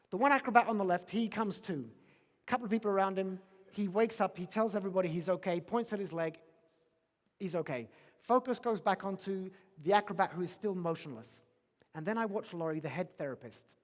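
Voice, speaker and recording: A man giving a motivational conference keynote, emphatic and repeating his key questions. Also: high voice. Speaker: keynote speaker. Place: large conference hall. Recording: long reverb of a large hall.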